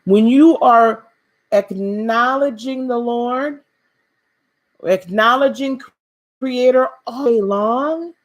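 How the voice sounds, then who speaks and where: Speaking slowly with frequent pauses, in a voice on the high side, a woman gives an inspirational spiritual talk over a live stream. She preaches gently, repeats key phrases for emphasis, and addresses her viewers warmly and directly as beloved.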